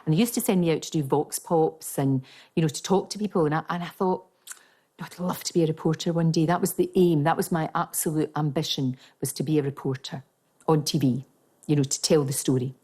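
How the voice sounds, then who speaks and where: A woman's voice: deep voice, fast talker, mellow, slightly rough. A middle-aged woman with a working-class Glasgow accent, chatting through memories of her TV career in a documentary interview. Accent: Glasgow Scottish. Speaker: TV presenter.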